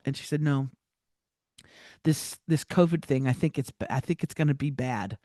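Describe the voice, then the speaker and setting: A woman telling a personal story as a podcast guest, animated, with many restarts and acted-out quotes. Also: a bass voice, normal speed, no room sound, studio quality.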